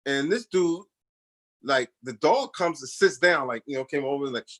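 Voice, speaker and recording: A man's voice: mid-range voice, normal speed. A man guest on a radio show, telling stories in a loose, slangy way and acting out other people's voices. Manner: animated storyteller, acts out others' voices in quotes; slangy, repeats "you know what I'm saying". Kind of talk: casual storytelling interview.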